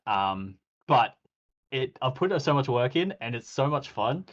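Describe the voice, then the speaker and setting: A man talks casually and keeps slipping into acted-out quotes, with frequent ums and restarts. His voice sits at an ordinary middle pitch. The sound is a little dull and lo-fi. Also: a little slow. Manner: animated storytelling, acts out quoted exchanges, frequent ums. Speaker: podcast host reviewing a game. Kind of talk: casual game recap chat.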